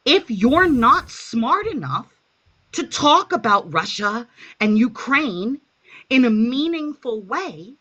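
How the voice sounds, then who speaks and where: A woman's voice: on the high side, sing-song, slow, pushed and bright, lo-fi sound. A woman on a live panel, arguing angrily and swearing as she lectures. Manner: angry, profane, lecturing. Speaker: panel participant. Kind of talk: heated argument.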